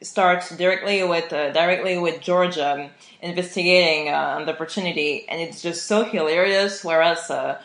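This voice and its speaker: A woman co-hosting a podcast, talking casually about a TV drama with many fillers and pauses. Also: fairly low pitch, fairly bright tone, reverberant. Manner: many filler words, halting. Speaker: podcast co-host.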